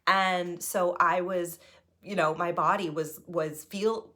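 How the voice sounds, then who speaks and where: Chatty woman with a slightly low voice. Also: slow. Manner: chatty, keeps asking "right?" between thoughts; animated, voice jumps when reliving nerves. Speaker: improviser and solo stage performer. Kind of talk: personal storytelling monologue.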